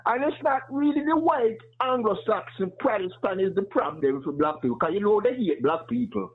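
A man's voice: high voice, expressive, moderate pace, husky. A man calling in to a talk show, speaking in an impassioned, emphatic, conversational way. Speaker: caller. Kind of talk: call-in question to a talk show. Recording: tinny phone line.

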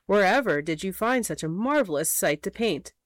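A woman's voice: medium pitch, lively intonation, normal speed, no room sound, clean studio sound, close to an everyday voice. A woman voicing an earnest, meek young female raccoon in a storybook reading. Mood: wistful.

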